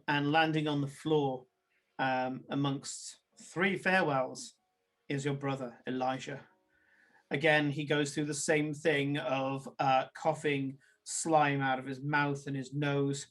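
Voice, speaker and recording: A man narrating a tabletop game, halting with many ums and uhs. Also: medium pitch, little pitch movement, a bit bright.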